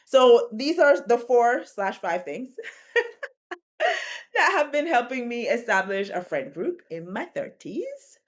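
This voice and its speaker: A woman in her thirties talking casually to camera, chatty and quick to laugh, often repeating words as she rethinks a sentence, with slangy turns of phrase. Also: medium pitch, fairly bright tone. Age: 30s. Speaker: video creator. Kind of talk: casual direct-to-camera talk.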